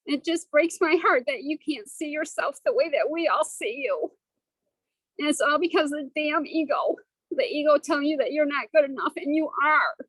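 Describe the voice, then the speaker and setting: Woman, high voice, dry close sound; affectionate, emotional encouragement on a video call. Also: moderate pace, no room sound, low-quality recording. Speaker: study group participant.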